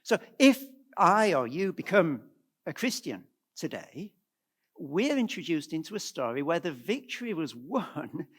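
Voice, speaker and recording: A middle-aged man giving a presentation at a church, animated and asking the audience rhetorical questions. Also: high voice. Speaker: guest speaker.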